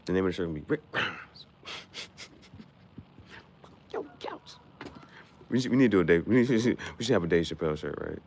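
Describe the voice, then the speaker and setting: A man casually chatting with his live-stream viewers, playful and quick to laugh as he riffs on the spot. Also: deep voice, expressive, gravelly, a little mellow, a little hiss or hum.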